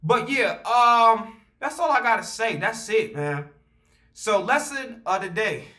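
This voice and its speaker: Young male vlogger, high and bright, animated and profane with loose slang. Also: measured pace. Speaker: vlogger telling a story. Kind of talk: casual storytime.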